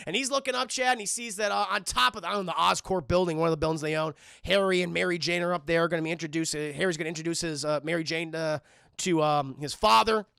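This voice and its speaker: Guy on a stream going scene by scene, swears a lot, bright edgy voice, dry room. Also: on the high side, fast talker, gravelly, clean tone, no echo. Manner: profane, animated, talks to chat; acts out lines in put-on voices. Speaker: livestream host. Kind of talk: casual film review stream.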